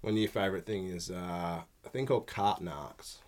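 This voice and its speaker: A man's voice: low-pitched, normal speed, darkish tone. An Australian man chatting casually on a podcast, telling stories laid-back, swearing and laughing often. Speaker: podcast co-host. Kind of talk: casual chat.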